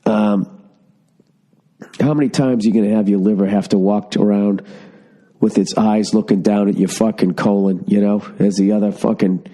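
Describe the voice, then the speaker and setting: A man's voice: fairly low pitch, steady tone, normal speed, warm tone. A middle-aged man hosting a podcast, ranting sarcastically through a profane comedic monologue. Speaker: podcast host.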